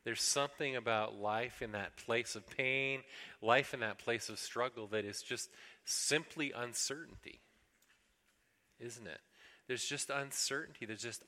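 A man's voice: medium pitch, a little slow, pushed and bright, long reverb tail. A man preaching a sermon earnestly, now and then acting out pleas to God in a raised voice. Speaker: pastor.

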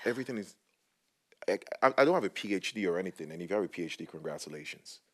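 A man's voice: deep voice, racing. Passionate man telling a heated story. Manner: animated, emphatic, voice rising when heated. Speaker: panel guest.

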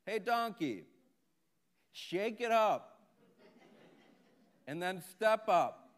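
A man voicing a patient male farmer who calls loudly and coaxingly down a well. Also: sits high, sing-song, extremely slow, voice pushed up, full character voice. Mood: coaxing shout.

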